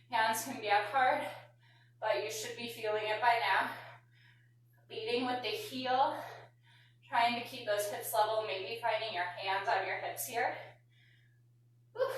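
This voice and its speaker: A woman's voice: fairly high pitch, fairly bright tone. A woman leading a live workout class, coaching with counts and audible exhales while out of breath. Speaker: fitness and yoga instructor. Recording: very echoey room, distant mic, faint noise.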